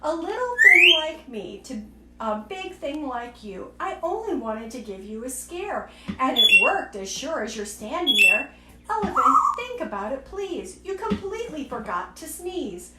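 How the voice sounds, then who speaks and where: A woman's voice: sits high, very animated, a little slow, echoey room, distant mic, very noisy. A woman voicing a cheeky, teasing little gray mouse in a storybook reading. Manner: teasing, playful.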